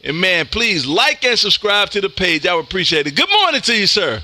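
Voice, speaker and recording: A male ham radio operator from Texas streams live, making on-air radio contacts and chatting in a loud, high, bright voice at a brisk pace. He's energetic and says "man" constantly. The sound is clean studio quality with no echo, using a close studio mic and headphones.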